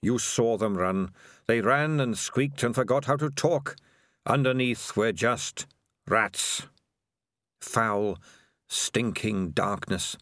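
Narrator as a troubled young male rat: quiet, bitter, halting. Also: medium pitch, no echo, studio quality. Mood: brooding.

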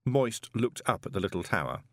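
A man narrating an audiobook in an expressive storytelling manner. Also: on the low side, normal speed, dry recording, studio quality.

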